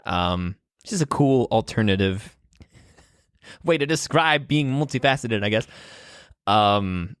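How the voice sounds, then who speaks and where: A man's voice: fairly low pitch, lively intonation, slow, pauses often, fairly bright tone, smooth, dry recording. Rambling young man, dry close sound. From Wisconsin, US. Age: 20s. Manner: rambling and hesitant, many ums and restarts, laughs often. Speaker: podcast host. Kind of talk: casual solo podcast monologue. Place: room at home with guitars on the wall.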